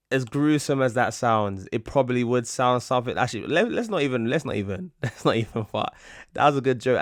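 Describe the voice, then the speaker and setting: A man hosting a reaction video, talking casually in a relaxed, hesitant way and trailing off with fillers. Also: lowish voice, dry recording, studio quality.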